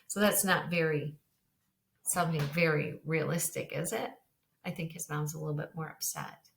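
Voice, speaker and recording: A woman's voice: low-pitched, moderate pace, gravelly, a bit bright. A woman teacher giving a recorded reading lesson, talking patiently and directly to young children. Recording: roomy echo.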